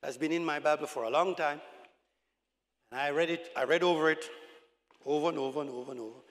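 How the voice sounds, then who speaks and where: An older man preaching an evangelistic sermon in a large church, calling to the congregation and swinging from shouts to quiet talk. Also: a little high, quick pace. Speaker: pastor. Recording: long hall reverb.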